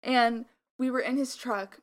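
A woman's voice: a little high, fairly even intonation, unhurried. A young woman co-hosting a podcast in casual chat, rambling with lots of filler words and a slight mumble. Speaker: podcast co-host.

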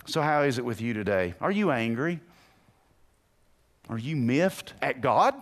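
A man preaching a sermon to a congregation in a church, swinging between hushed and loud, and putting questions to his listeners. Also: medium pitch, big pitch swings, a little slow. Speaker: pastor.

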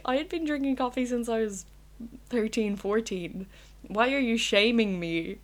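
Her voice sits a little high and moves at normal speed. This young woman with an Irish accent runs a solo podcast from her bedroom, chatting casually and candidly, wandering off topic and cursing without restraint.

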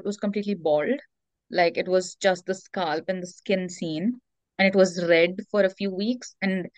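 A woman's voice: medium pitch, clean tone, no room sound, lo-fi sound. A woman speaking candidly as an interview guest, earnest and reflective, with many fillers.

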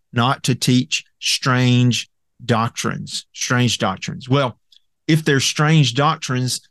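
Halting male Bible teacher with gravelly voice. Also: medium pitch, a bit bright, dry recording, clean studio sound. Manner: halting, many fillers and restarts; methodical, walks through charts and Greek word roots. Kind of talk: recorded Bible lecture with slides.

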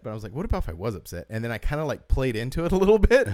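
A man in casual podcast chat, winding through stories with plenty of "like" and restarts. His pitch sits in an ordinary middle range. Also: big pitch swings, very fast, hardly any pauses, darkish tone. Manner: rambling storyteller, heavy use of "like". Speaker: podcast co-host.

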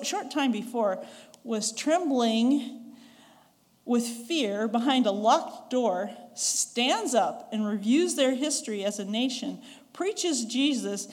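A woman's voice: a little high, darkish tone. A woman from the western United States with a Western American accent, preaching a sermon in a conversational way, chuckling and acting out quoted voices. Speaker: pastor. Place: church sanctuary. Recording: long church reverb.

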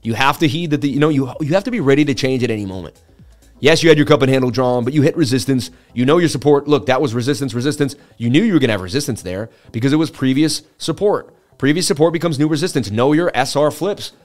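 A man of middle pitch hosts a live stream, running through charts and reading chat at the same time. He talks in a chatty, excitable way and often stops to address his viewers directly. Faint music plays softly underneath his voice. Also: quick pace. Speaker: livestream host.

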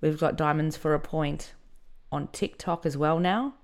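A woman with a low, unhurried voice hosts a podcast. She tells a personal story candidly and conversationally, with plenty of filler words.

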